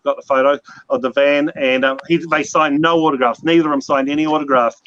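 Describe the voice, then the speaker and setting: A man's voice: a little high, steady tone, fast talker, fairly bright tone. A man with a New Zealand accent, hosting a casual chat and telling long, rambling stories with many restarts. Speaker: host. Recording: dull lo-fi audio, faint noise.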